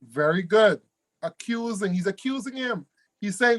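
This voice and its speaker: A man teaching an online exam review class, animated, repeating key words and laughing easily. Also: sits high, a little slow.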